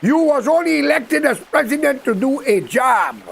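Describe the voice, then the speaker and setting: High gravelly Guyanese man ranting. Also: very animated, normal speed. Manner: combative, scolding, speaks straight at his target in creole grammar. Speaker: political commentator. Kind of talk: direct-to-camera political rant.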